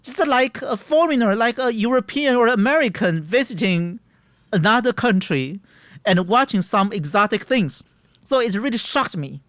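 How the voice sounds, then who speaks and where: A man's voice: high-pitched, animated, moderate pace, fairly bright tone, dry recording. Earnest man in his thirties. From Taiwan. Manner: earnest, emphatic, searching for words. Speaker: guest. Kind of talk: interview answers.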